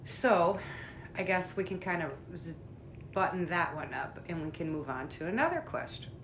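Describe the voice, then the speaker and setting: A woman's voice: lowish voice, expressive, normal speed, background noise. A woman interviewing her sister in a casual conversation, asking probing questions in a blunt, outspoken way.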